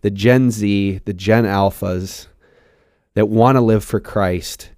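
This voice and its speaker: A male host asks his question earnestly and quickly. His voice is on the low side. The sound is dry and close. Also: fairly even intonation, darkish tone, clear, resonant tone, no room sound. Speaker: podcast host. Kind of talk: conversational interview.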